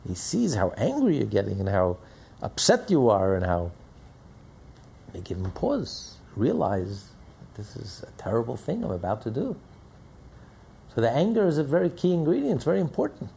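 Gravelly, husky-voiced man teaching emphatically. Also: medium pitch, wildly swooping pitch, normal speed, warm tone. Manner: emphatic, repeats phrases while building a point. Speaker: rabbi teaching a class. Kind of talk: Torah lecture.

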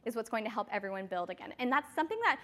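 Woman team leader, higher voice, casual and chatty motivational talk, reverberant hall sound. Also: expressive, rapid-fire, bright, forceful tone. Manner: chatty, filler-heavy storytelling. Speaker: team leader speaking to her sales team.

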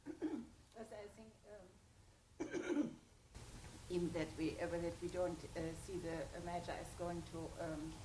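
Female participant, halting and lowish, recorded in a roomy, noisy space. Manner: hesitant, many ums and uhs. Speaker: discussion participant. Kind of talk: casual discussion. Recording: echoey room with background noise.

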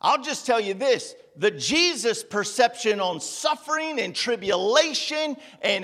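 A man's voice: sits high, huge pitch swings, measured pace, few pauses, a bit bright. A man preaching a sermon to a congregation, asking rhetorical questions and calling on listeners by name. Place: meeting room with congregation. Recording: long hall reverb.

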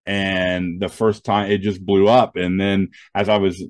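A low-voiced man, talking a little slowly in a recording with no echo, is a stand-up comedian and show host appearing as an interview guest. He tells animated stories packed with quoted dialogue and frequent "um" fillers.

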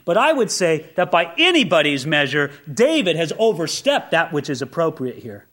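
Male preacher, high bright voice, impassioned sermon delivery. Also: sing-song, moderate pace. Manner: impassioned, swings between loud exclamation and quiet intensity. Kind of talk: expository sermon.

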